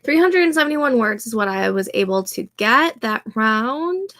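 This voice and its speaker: A woman hosting a casual live stream of writing sprints, stuffy from allergies, reading viewer comments aloud and reacting with unhurried encouragement. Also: a little high, expressive, fairly bright tone. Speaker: livestream host running writing sprints.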